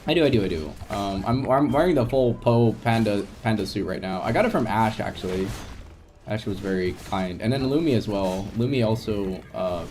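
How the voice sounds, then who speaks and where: A man's voice: on the low side, moderate pace, a little mellow, soft background music. A man streaming a game, chatting casually with viewers in a rambling, open and emotional way, often laughing and restarting his sentences. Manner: openly emotional, reassuring chat. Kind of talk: casual live-stream chat.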